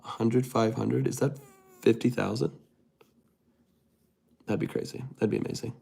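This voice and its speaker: A man's voice: medium pitch, steady tone, normal speed, gravelly, dark tone, breathy edge. A young man streaming live, casually reading viewer comments aloud and answering them. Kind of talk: casual livestream chat.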